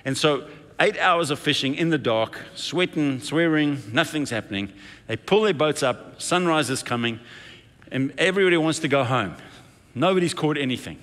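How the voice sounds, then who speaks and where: A man preaching a sermon, telling a story in a lively, conversational way. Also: a little high, moderate pace, in a large hall.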